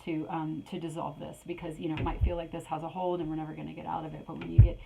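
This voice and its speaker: A middle-aged woman giving a spiritual tarot reading in a rambling way, repeating her phrases and filling pauses, a little out of breath. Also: low voice, little pitch movement, vocal fry, background noise. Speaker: tarot reader.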